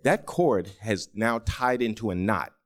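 A man playing a calm male emergency-room doctor who explains a surgery matter-of-factly. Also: lowish voice, unhurried. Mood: explaining.

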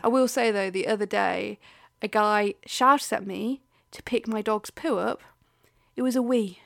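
A woman's voice: medium pitch, measured pace, vocal fry. A woman co-hosting a podcast in casual chat, ranting animatedly, swearing freely and laughing often. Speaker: podcast co-host.

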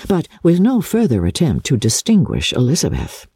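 A woman's voice: low voice, moderate pace, breathy edge, dry recording, clean studio sound. A woman giving a dramatic, theatrical reading of a classic novel as narrator. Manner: expressive, theatrical storytelling.

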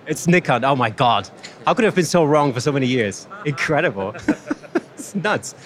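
A man hosting quick, upbeat interviews with exhibitors on a busy exhibition floor. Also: mid-range voice, expressive, a bit bright. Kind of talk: trade show interviews.

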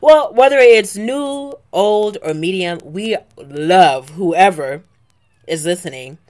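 A woman's voice: mid-range voice, slow, a little mellow. A woman co-hosting a podcast in casual chat, teasing and wry. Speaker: podcast co-host.

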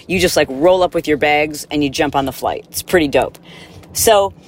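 A woman hosting a podcast, telling an animated, exasperated story in a casual monologue and acting out the people in it. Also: low-pitched, normal speed. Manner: animated, exasperated, acts out quotes. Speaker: podcast host.

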